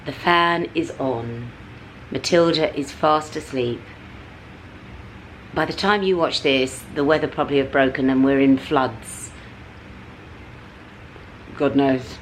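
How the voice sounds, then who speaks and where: A middle-aged British woman talking to camera in a casual vlog, ranting animatedly with big swings in pitch. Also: slow, long pauses, a little hiss or hum, low-quality recording. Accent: British English. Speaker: vlogger. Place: at home and out on a city street.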